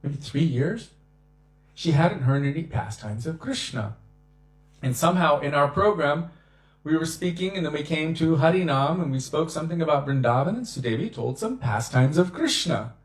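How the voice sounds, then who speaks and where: A man giving a devotional talk on scripture, telling stories with lively acted-out quotes. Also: fairly high pitch, moderate pace, reverberant. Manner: animated storyteller who acts out quotes. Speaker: devotional speaker.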